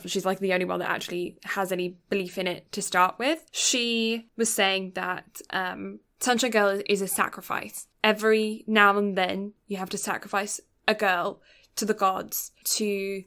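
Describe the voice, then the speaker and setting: A woman's voice: mid-range voice, a bit bright. A woman podcast co-host, retelling a film's plot in casual chat and acting out the characters' lines.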